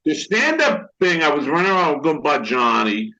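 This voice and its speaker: A man's voice: fairly high pitch, sing-song, normal speed, sharp tone. An older man, an actor guest, telling rambling anecdotes and acting out what others said, with many restarts. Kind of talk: storytelling interview talk. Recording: dull lo-fi recording.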